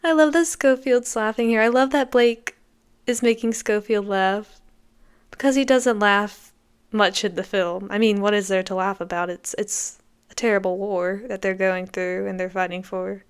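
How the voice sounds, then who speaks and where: A woman's voice: mid-range voice, steady tone, normal speed, clear, resonant tone. A woman hosting a podcast, giving enthusiastic, conversational commentary as she reacts to a film. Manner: enthusiastic, conversational, reacting to scenes as they play. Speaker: podcast host.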